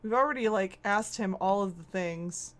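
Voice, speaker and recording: A woman casually chatting and joking while livestreaming an old adventure game. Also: medium pitch. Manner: giggly and playful, quick asides.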